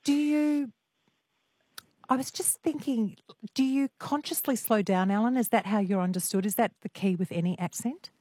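A woman's voice: a little high, moderate pace, mellow, no room sound, studio quality. A woman hosting a late-night radio call-in show and chatting with callers. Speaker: radio host.

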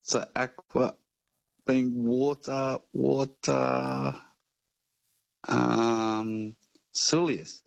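A man calling a radio quiz, speaking slowly and sounding unsure of the answer. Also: medium pitch, little pitch movement, creaky, no echo, poor audio. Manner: very slow, unsure. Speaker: caller.

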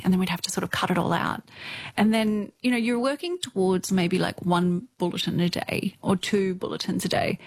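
A woman's voice: fairly low pitch, vocal fry, dry recording. A woman with an Australian accent, telling stories casually as an interview guest, chatty and full of fillers. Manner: chatty, laughs often, many fillers. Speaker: radio newsreader, guest.

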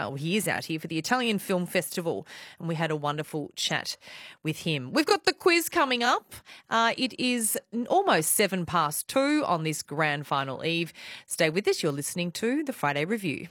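A woman's voice: on the low side, a bit bright, no room sound, studio quality. An Australian woman hosting a radio show in a casual, bubbly way, reading out listener texts. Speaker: radio host. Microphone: studio microphone.

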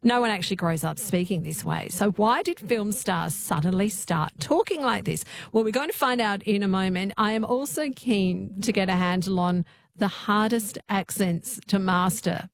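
A woman's voice: medium pitch, normal speed, gravelly. Chatty woman radio host. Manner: chatty, friendly presenting. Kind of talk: casual radio talk. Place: radio studio.

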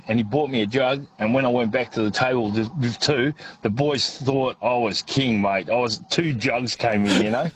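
A man's voice: mid-range voice, normal speed, low-quality recording. Australian bloke in his fifties calling a radio show, faint noise behind him on the line. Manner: blokey yarn-teller, laughs at himself. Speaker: caller.

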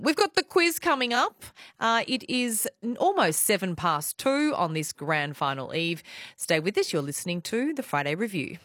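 A woman's voice: on the low side, a bit bright, dry recording, studio quality. An Australian woman hosting a live radio talk show, bubbly and chatty as she reads out listener texts and invites calls. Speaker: radio host. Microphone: studio microphone.

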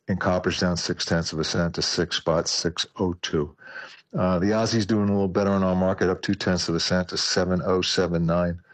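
Deep-voiced New financial advisor. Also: male voice, no echo. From New York, USA. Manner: relaxed, hesitant with many fillers. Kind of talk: market report on talk radio. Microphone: remote line from New York.

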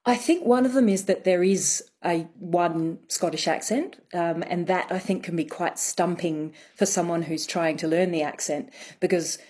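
A woman with a slightly low voice talks through ideas carefully on a radio show. She pauses often and fills gaps with small hesitations as she explains. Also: darkish tone, husky. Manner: thoughtful, explanatory, many fillers. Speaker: dialect coach guest. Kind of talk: radio interview answers.

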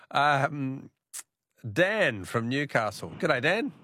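A man's voice: mid-range voice, sing-song, extremely slow, bright, forceful tone, a little hiss or hum. A man hosting a talkback radio quiz, chatty and laughing often.

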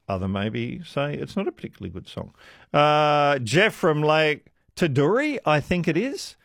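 A man's voice: on the high side, animated, moderate pace, creaky, fairly bright tone, no room sound, clean studio sound. A man hosting a radio quiz with callers, chatty and self-deprecating, laughing often. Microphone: studio microphone.

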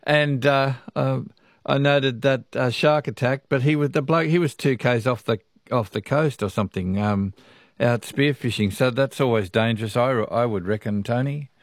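An easygoing Australian man hosting a talkback radio show, chatty and quick to laugh. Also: mid-range voice, dry recording, clean studio sound. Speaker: radio host.

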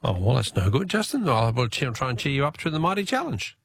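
Lively Australian man hosting a radio quiz. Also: mid-range voice, fast talker, vocal fry. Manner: chatty, upbeat, laughs with callers.

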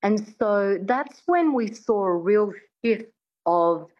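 A woman accent coach being interviewed on radio, explaining things in a measured way with some fillers. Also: mid-range voice, lively intonation, muffled recording.

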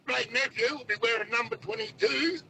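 A man with an Australian accent calling a talkback show, folksy and friendly, talking in halting bits. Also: very high voice, creaky, noisy background. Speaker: radio caller. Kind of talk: talkback call.

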